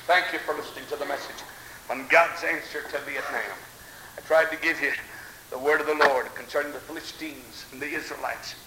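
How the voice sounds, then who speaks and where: A man preaching a fiery revival sermon. He moves from hushed storytelling to shouted exclamations. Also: on the high side. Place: church hall. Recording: echoey hall with faint tape hiss.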